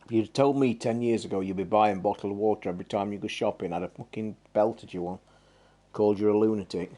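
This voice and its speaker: A man's voice: lowish voice, fairly even intonation, brisk, mellow. A man hosting a gaming live stream, chatting in a rambling, blunt and sweary way. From England. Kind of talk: casual live-stream chat.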